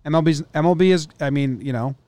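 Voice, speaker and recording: A man's voice: a little high, fast talker, darkish tone, no echo. A man co-hosting a casual sports podcast, joking and loose, often trailing off and restarting his sentences. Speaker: podcast co-host.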